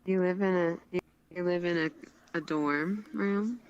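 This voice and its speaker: A woman's voice: lowish voice, measured pace, smooth, muffled recording. A woman hosting a casual chat who laughs often and hesitates, searching for words. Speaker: streamer host.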